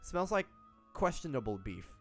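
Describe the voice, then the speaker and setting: A man narrating as game master of a tabletop game on a stream, relaxed and halting, talking into a headset. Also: on the high side, faint music behind. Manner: relaxed, halting, with fillers and laughs.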